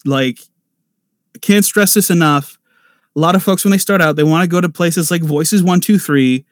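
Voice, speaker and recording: A man talking through voice-acting tips in a loose, rambling way, full of fillers and restarts. His voice sits a little higher than most men's, and the sound is dry and close. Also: normal speed, no room sound. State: nervous at first panel. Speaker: voice actor on a convention panel. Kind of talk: casual advice talk.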